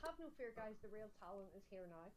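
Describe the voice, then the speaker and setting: A woman's voice: medium pitch, lively intonation, fast. A Northern Irish woman bantering on a casual call, with wisecracking remarks. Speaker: live chat participant. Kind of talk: casual chat.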